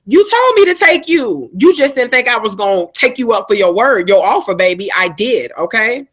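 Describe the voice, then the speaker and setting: A middle-aged woman telling a storytime to camera, sassy and animated, laughing and acting out other people's lines in raised voices. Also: on the high side, normal speed, hardly any pauses. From Georgia, USA. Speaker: vlogger.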